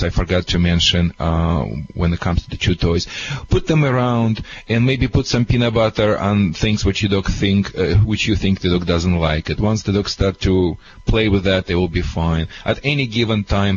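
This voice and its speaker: A man who is not a native English speaker gives earnest, halting advice to a caller on a call-in radio show. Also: sits low, dull audio, a little hiss or hum. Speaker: dog trainer.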